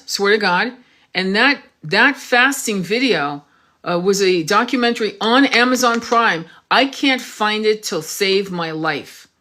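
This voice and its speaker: A woman's voice: medium pitch, a bit bright. A woman hosting a casual livestream, talking while searching online, distracted and swearing, with many restarts. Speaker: tarot reader livestream host.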